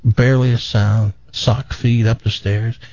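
Male morning-show host, lively storyteller, dry muffled booth sound. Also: mid-range voice, unhurried, dry recording. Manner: animated storyteller, acts out characters. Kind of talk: joke telling on morning radio.

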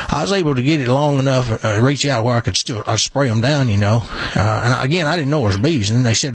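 A man's voice: mid-range voice, slightly rough, no echo. A man putting on a rambling, folksy rural eyewitness from Tennessee with a drawling accent.

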